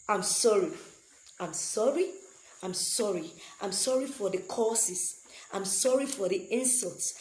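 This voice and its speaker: A woman's voice: on the high side, roomy sound. A woman speaking earnestly to her fans, repeating phrases for emphasis. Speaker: vlogger addressing fans. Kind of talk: emotional direct-to-camera address.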